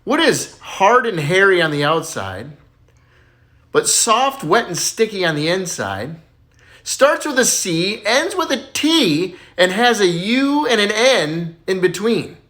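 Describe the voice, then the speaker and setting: Cheeky boy figure, voiced by a man, raised pitch, playful. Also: very animated, slow, sharp tone, exaggerated voice. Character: little Johnny, cheeky joking boy.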